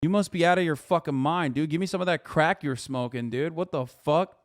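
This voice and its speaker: A man in his thirties giving casual live-stream commentary, blunt, mocking and profane, talking fast in bursts. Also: on the high side, no echo, studio quality. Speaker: political streamer.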